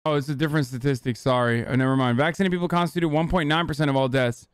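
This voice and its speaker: A male streamer reacting live in casual, sarcastic banter, full of swearing. His voice sits high for a man and sounds smooth and resonant. The sound is dry and close on the mic. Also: fairly even intonation, dry recording. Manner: profane, sarcastic, rapid-fire.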